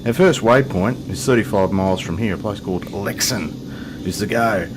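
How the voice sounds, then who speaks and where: A man's voice: fairly low pitch, normal speed, noisy background. A man hosting a flight simulator video, chatting casually with jokes and self-deprecating asides. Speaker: flight sim video host. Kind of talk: casual gameplay commentary.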